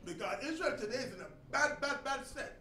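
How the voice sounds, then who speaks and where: This teacher's sermon comes in a high, bright voice with lively intonation and a fairly quick pace, pushing points forcefully before falling soft and low. Recorded from a distance in an echoing room, it carries a faint layer of noise.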